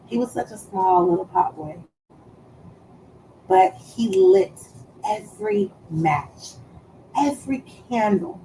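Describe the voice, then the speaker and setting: A woman's voice: mid-range voice, slow, long pauses, dark tone, a little hiss or hum, poor audio. A woman streaming live, chatting casually in a profane, teasing way and drawing out words for emphasis.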